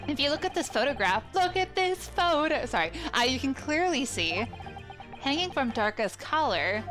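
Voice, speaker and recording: A woman's voice: sits high, very animated, normal speed, fairly bright tone. A woman reading the lines of an earnest young male defense lawyer in a game playthrough. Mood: explaining. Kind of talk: let's play reading of game text. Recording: game music underneath.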